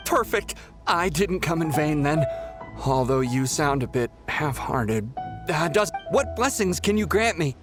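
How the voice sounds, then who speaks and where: Brief: pushy male pilgrim, theatrical, very lively pitch, game music behind. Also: a little slow. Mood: eager. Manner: theatrical, demanding, indignant. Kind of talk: video game voice acting.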